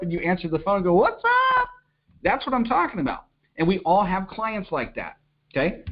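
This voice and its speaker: Energetic middle-aged male business coach, slightly high voice, dull lo-fi audio, keeps checking in with the audience. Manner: energetic, repeats "okay?" to check in, acts out little phone calls. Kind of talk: coaching talk to an online audience.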